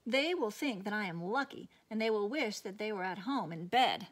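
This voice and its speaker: A woman voicing a slow, whiny schoolgirl. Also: medium pitch, expressive, close to an everyday voice. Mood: stubborn, whiny. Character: reluctant, gloomy young schoolgirl.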